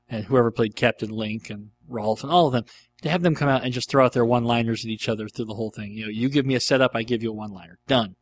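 A middle-aged man chatting casually as a show host, taking listener questions. He rambles with enthusiasm and fills his pauses with ums and uhs. His voice sits in an ordinary pitch, and the recording is close and dry. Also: no echo. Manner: rambling and enthusiastic, with frequent fillers. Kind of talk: casual chat.

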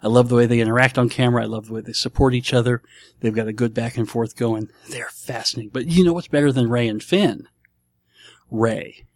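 A man's voice: mid-range voice, brisk, darkish tone, no room sound. Enthusiastic rambling man podcaster. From Nebraska. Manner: enthusiastic, rambling, repeats himself. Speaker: podcast host. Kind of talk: casual solo podcast chat.

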